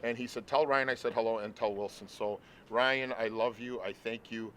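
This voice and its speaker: A male show host speaking warmly and heartfelt to his guest, outdoors at a stadium. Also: medium pitch, fairly even intonation, moderate pace, slight background noise. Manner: effusive and heartfelt. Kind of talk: casual interview chat.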